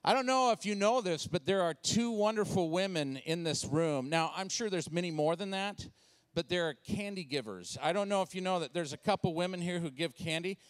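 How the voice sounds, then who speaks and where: A man's voice: sits high, brisk, dry recording. A man in his forties speaking as a guest in church, telling stories in a playful, self-deprecating, conversational way. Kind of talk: comedic storytelling sermon. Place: church sanctuary.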